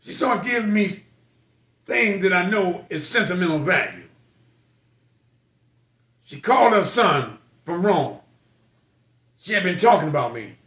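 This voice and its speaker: A man's voice: high-pitched, very animated, unhurried, pauses often, a bit bright, echoey room. An older man, a military veteran, telling personal stories in a folksy, emotional way. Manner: folksy, emotional storytelling with quoted voices. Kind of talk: personal storytelling.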